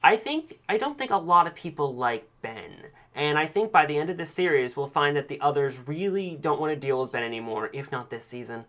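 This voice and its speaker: This is a solo podcast host, a man whose fairly high voice sounds a bit bright, with lively intonation. Going over a TV episode, he rambles a little fast with few pauses, offering opinions amid many fillers and restarts.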